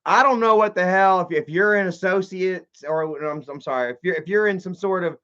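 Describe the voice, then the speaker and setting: Man, live streamer, casual rambling chat, profane, fairly high pitch, dull lo-fi sound. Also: a little fast, sharp tone. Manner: loose, profane, rambling with many fillers.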